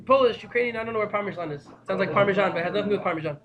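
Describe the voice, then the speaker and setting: A man teaching a storytelling Torah class, who gets excited and breaks into shouting. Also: high-pitched, racing, phone-quality sound. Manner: excitable, breaks into shouting, mixes Hebrew and Yiddish terms.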